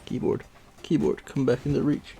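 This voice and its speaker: Gravelly, sweary man streaming games. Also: mid-range voice, flat delivery, normal speed, warm tone, faint music behind. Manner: rambling, offhand, sweary. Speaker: streamer playing a mobile game. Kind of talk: casual gaming stream chat.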